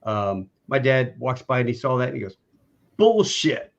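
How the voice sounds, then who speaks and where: A man's voice: medium pitch, fairly even intonation, fairly quick, gravelly, highs cut off. A man hosting a podcast, chatting casually and sharing a story about his father. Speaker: podcast host. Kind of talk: casual chat.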